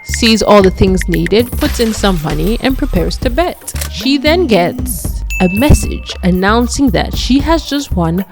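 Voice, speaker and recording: A woman narrating a story in a casual, chatty way, dropping her voice low for the quoted lines. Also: expressive, a little slow, few pauses, music in the background.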